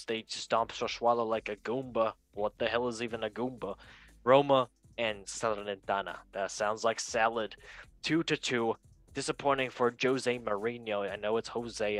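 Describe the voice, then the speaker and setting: A man putting on a goofy, boastful impression of a male film star, with loud joking and self-mocking rambling. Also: mid-range voice, dry recording, natural voice. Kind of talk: comedic impression.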